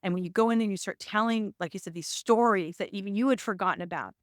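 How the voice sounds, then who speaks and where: A woman tells a personal story in a smooth, resonant voice. She talks emphatically and restarts her sentences often. The sound is dry and close. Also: medium pitch, quick pace, no room sound. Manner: emphatic, with frequent restarts and reenacted quotes. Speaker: actor and producer, podcast guest. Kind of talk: candid conversational storytelling.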